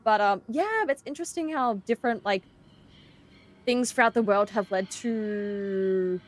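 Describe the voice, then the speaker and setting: A young Australian woman streaming a horror game, chatting excitedly with her viewers. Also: mid-range voice, unhurried. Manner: chatty, excitable, greets chat. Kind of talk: casual gameplay stream chat.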